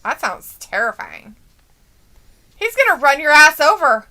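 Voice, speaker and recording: A woman's voice: high-pitched, sing-song, a little slow, pushed and bright. A woman co-hosting a casual live-stream watch-along, laughing often and swearing bluntly. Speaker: co-host reacting to a wrestling show.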